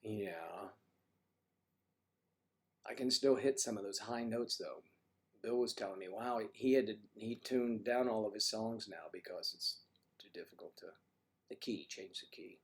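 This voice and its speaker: An older man with a husky voice and a cold, chatting casually as a livestream host, rambling and joking with his viewers. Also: fairly low pitch, measured pace, pauses often. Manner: rambling and joking, talks to chat. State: has a cold.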